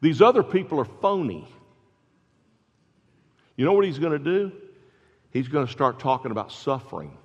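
A pastor preaching a sermon, building to loud, emphatic exclamations. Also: male voice, on the high side, very animated, moderate pace, long pauses, breathy edge. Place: church sanctuary. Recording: dull sound with long hall reverb.

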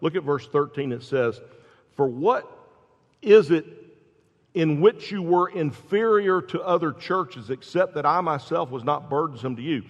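A man's voice: animated, a little slow. A man preaching a sermon, explaining scripture with emphatic rises at key points. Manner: emphatic, rising in pitch and volume at key points. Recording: dull sound with long reverb in a hall.

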